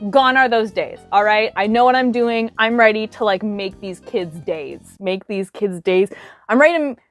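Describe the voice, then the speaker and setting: A young woman telling a cosplay story to camera in a bubbly, animated way, with lots of "like" fillers. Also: mid-range voice, moderate pace, faint music behind. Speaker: cosplay vlogger.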